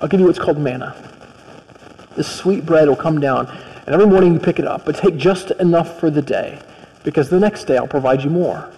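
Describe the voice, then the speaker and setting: A man's voice: on the high side, brisk, gravelly, dark tone. A man voicing God as a patient, firm figure who speaks in a conversational, reassuring and slightly wry way. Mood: persuasive. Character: patient, firm, all-knowing male God. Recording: long reverb of a large hall.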